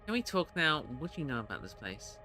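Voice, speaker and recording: Guarded young woman in a haunted house, read by a streamer: hushed, tense, bright tone. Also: mid-range voice, sing-song, quick pace, soft background music. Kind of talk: voicing game dialogue.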